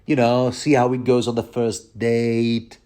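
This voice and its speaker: A man casually voicing a reluctant young lord who protests a rushed marriage. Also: medium pitch, completely flat delivery, warm tone, smooth, natural voice. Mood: protesting. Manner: hesitant, protesting.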